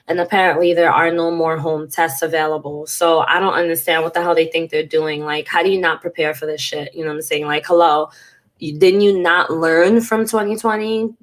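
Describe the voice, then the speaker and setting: A woman's voice: fairly low pitch, steady tone, moderate pace. A congested woman in her thirties talking frankly and casually to her viewers in a personal vlog, swearing now and then. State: congested from a cold. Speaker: vlogger.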